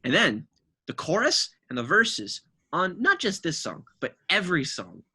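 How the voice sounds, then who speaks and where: Husky podcast host ranting about an album, swears a lot, voice swings way up and down, super exasperated. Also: medium pitch, wildly swooping pitch, measured pace, bright, forceful tone. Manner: exasperated, profane, cutting.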